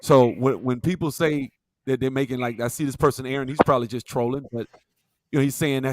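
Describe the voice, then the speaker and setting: A man's voice: medium pitch, steady tone, fairly quick, dry recording. A man who teaches tech skills, speaking confidently and matter-of-factly on a live panel. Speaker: tech instructor, guest. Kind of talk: casual live audio chat.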